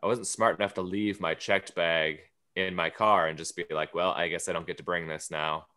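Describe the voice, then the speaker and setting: A man with a low, bright, forceful voice spins a comic anecdote on a podcast. He talks casually and slips into quick impressions of the people he met along the way. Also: fairly even intonation, clear, resonant tone. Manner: storytelling, acts out quoted lines. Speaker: guest comedian.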